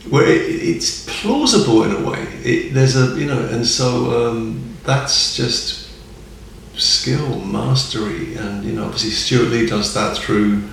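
A man's voice: mid-range voice, lively intonation, slow pace, creaky, a bit bright, far from the mic, a little hiss or hum. A man chatting casually as a podcast guest, rambling and enthusiastic and chuckling often. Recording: echoey room, off mic.

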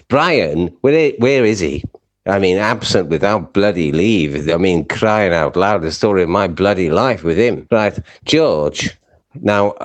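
A deep-voiced man rants through a comic monologue. He talks in aggrieved, gossipy bursts, swearing all the way. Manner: ranting, frequent swearing.

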